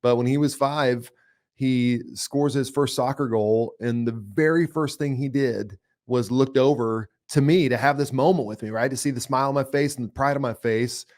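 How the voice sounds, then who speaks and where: A man in his forties with a middle-pitched voice hosts a podcast. He talks earnestly and reflectively, and between his stories he chimes in with brief agreement. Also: normal speed, darkish tone. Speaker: podcast host. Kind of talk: casual conversation.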